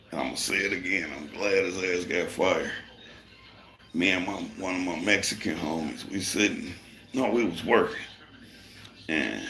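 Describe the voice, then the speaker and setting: A man's voice: deep voice, creaky, bright, forceful tone. A middle-aged man telling a profane, heated work story to viewers of a live stream. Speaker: construction worker and livestreamer. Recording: roomy echo.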